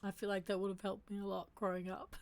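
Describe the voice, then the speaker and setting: A woman hosts a casual, reflective stream chat, reading statements aloud and reacting to them candidly and emotionally. Her mid-range voice is a little mellow, with little pitch movement, and she talks fairly quickly.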